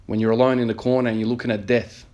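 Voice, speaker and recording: A man's voice: medium pitch, level tone, racing, darkish tone. A man in his thirties, an emergency nurse, earnestly telling a story in a motivational vlog with many fillers. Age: 30s.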